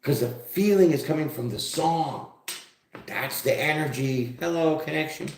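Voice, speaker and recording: A man's voice: a little high, measured pace, vocal fry, echoey room, slight background noise. A man giving a casual live-stream tarot reading, talking straight to his viewers in a loose, profane way. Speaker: tarot reader.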